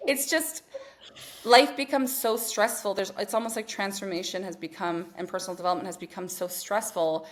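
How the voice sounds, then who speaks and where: A woman's voice: mid-range voice, normal speed. A woman coach and mother telling stories in a casual podcast chat, swearing freely and acting out each scene. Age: adult mother. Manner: profane, animated storytelling. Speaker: spiritual business coach.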